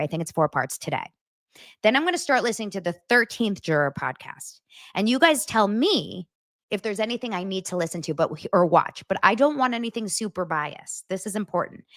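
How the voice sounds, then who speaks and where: A woman hosts a casual commentary chat, rambling from one aside to the next in a chatty, animated way, swearing now and then. Her voice sits at a middle pitch. The recording is dry with no room sound. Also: dry recording. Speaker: host.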